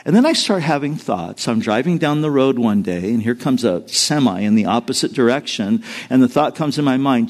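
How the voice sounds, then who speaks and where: A middle-aged man preaching a sermon, telling a personal story in an earnest way that moves between hushed and emphatic. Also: mid-range voice, expressive, normal speed, hardly any pauses. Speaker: pastor.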